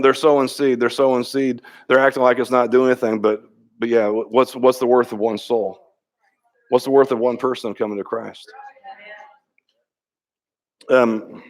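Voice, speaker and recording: A middle-aged pastor delivers a sermon in a relaxed, conversational way. His pitch sits at an ordinary level for a man. He often restarts phrases and repeats words, and he slips into quoted dialogue as he tells stories. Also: moderate pace, long pauses.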